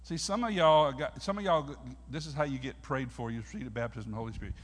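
A man's voice: mid-range voice, rapid-fire, few pauses. A man preaching a sermon in a church, telling folksy stories and working up the congregation. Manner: folksy storytelling, preachy and animated. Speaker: pastor. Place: church sanctuary. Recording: long hall reverb.

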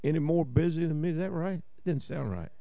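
A man's voice: on the high side, fast, gravelly, dark tone, dry recording, muffled recording. A man with a Southern Ohio accent preaching a sermon, folksy and joking, often asking the congregation "Amen?". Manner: folksy, jokey asides and repeated "Amen?" to the congregation. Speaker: pastor.

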